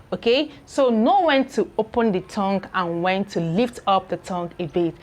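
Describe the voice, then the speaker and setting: A woman's voice: mid-range voice, animated. Woman teaching reading with drilled syllables. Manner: drills syllables slowly, tagging lines with "okay?". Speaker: English teacher. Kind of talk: classroom lesson at a board. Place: classroom or room with a board.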